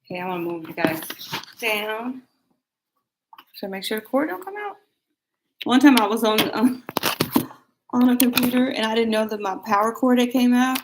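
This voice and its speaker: In this casual livestream chat, a woman in her later years hosts a tarot stream, addressing viewers in a chatty, rambling way and laughing a lot. Her high-ish voice is expressive, at normal speed with long pauses, against a noisy background.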